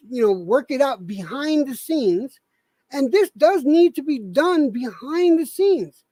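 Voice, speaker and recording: A woman streamer talking casually, slowly making the case for people working things out privately. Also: high-pitched, darkish tone, no room sound.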